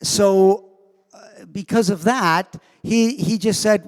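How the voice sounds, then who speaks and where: A man, the guest of honor at a convention, telling an animated, self-amused anecdote from the stage of a convention hall. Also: high-pitched, takes it slowly. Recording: long hall reverb.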